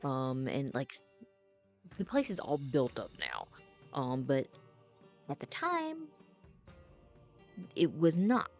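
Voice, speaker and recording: Low-voiced woman rambling through a story. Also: wildly swooping pitch, slow pace, pauses often, a little mellow. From North Carolina. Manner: rambling, many fillers and restarts, swearing. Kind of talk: casual storytime narration. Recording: faint music behind.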